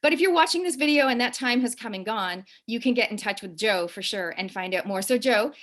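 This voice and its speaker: Fast-talking Canadian woman host. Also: on the high side, lively intonation, fairly bright tone. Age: late 40s. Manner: upbeat, chatty, quick. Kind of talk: casual livestream interview.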